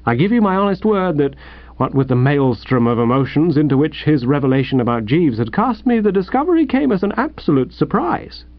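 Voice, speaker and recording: A man reading a first-person comic story aloud in a wry, lively storytelling manner. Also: on the high side, brisk, dry recording, lo-fi sound. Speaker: audiobook narrator.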